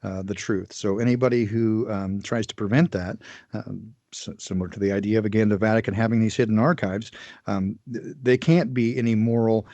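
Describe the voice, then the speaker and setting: A man talking in a casual podcast conversation, halting and full of fillers and restarts. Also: lowish voice, fairly even intonation, a little mellow, dry recording. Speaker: podcast guest. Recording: dry, dull lo-fi sound.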